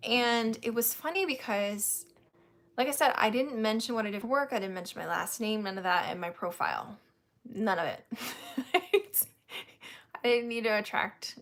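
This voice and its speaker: A woman's voice: fairly high pitch, a bit bright. A woman hosting a casual chat, telling a story candidly and laughing often. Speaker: host.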